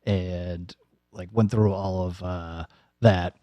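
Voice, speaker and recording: A man's voice: low voice, steady tone, takes it slowly, dark tone, dry recording. A man in his thirties or forties casually recounting a recent surgery in a vlog, rambling with plenty of fillers and restarts. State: recovering from nose and throat surgery. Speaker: YouTuber giving a personal update.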